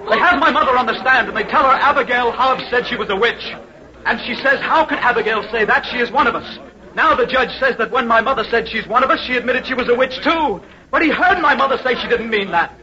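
An actor playing an angry grown son who protests bitterly and urgently, on an old radio drama recording. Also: male voice, extremely high pitch, fast talker, a crowd in the background. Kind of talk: 1950s radio drama acting. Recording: dull old radio broadcast.

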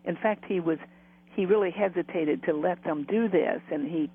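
With phone-quality sound, a spiritual medium appearing as a guest in a storytelling interview rambles, laughs while telling stories and restarts frequently. His husky voice sits high and moves at normal speed.

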